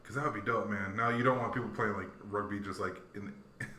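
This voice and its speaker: A man co-hosting a casual talk show, telling animated stories, acting out quotes and laughing often. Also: on the low side, fast talker, a little hiss or hum. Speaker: podcast co-host. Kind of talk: casual chat. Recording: echoey room, off-mic.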